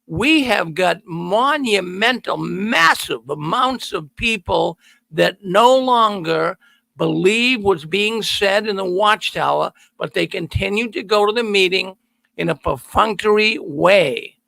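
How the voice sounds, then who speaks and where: Folksy middle-aged host, high and bright, gravelly edge, dry close mic, stresses every point. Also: male voice, expressive, slow pace, no echo. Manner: folksy, emphatic, repeats words for stress. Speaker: call-in show host. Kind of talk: energetic monologue to viewers. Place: studio.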